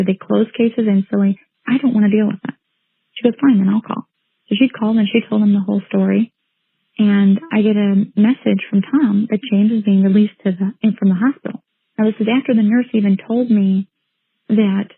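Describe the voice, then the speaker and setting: A woman's voice: medium pitch, creaky, slightly rough, no room sound, narrow, tinny audio. A woman, a mother, recounting her son's case in an earnest, indignant personal account with frequent restarts.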